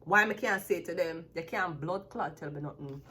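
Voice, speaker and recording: Husky woman, blunt and profane. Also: fairly low pitch, moderate pace, sharp tone. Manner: profane, blunt, emphatic, laughs often. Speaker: tarot reader. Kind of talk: unscripted rant to camera.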